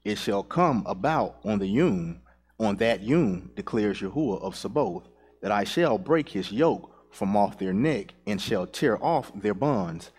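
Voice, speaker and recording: A man reading scripture aloud during a sermon, slow, measured and deliberate. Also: on the low side, animated, darkish tone, husky. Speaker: scripture reader.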